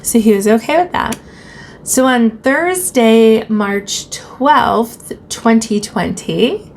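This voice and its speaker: A woman's voice: fairly high pitch, lively intonation, takes it slowly, gravelly, slight background noise. A woman who teaches, telling a personal story casually on her vlog and retelling conversations in her own voice.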